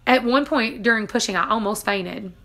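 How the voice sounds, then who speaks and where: Bright-voiced woman telling a dramatic story. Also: a little high, normal speed. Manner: dramatic retelling, laughs between lines. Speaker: family homestead vlogger. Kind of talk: casual personal storytelling.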